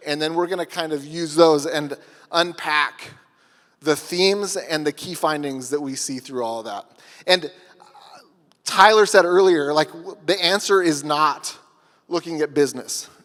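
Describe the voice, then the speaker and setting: Earnest high-voiced man in an echoing hall. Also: fairly bright tone. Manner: earnest, storytelling with pauses. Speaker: workshop speaker. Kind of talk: conference workshop talk.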